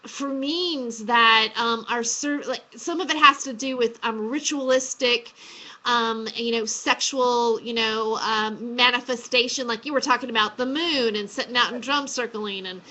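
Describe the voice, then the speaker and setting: A woman's voice: a little high, unhurried, sharp tone, muffled recording. A woman co-hosting a casual talk show, rambling with many fillers and restarts. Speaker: podcast host. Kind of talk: casual chat.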